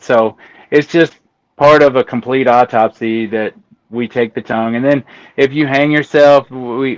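A man's voice: medium pitch, clean tone, dry recording, muffled recording. A man in casual podcast conversation, telling stories about his job with amusement and acting out the exchanges he quotes. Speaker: guest, embalmer and autopsy tech.

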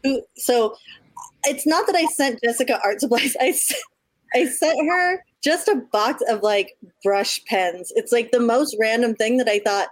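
A woman co-hosting a podcast in casual chat, effusive and quick to laugh, swearing freely. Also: on the high side, dry recording. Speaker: podcast co-host.

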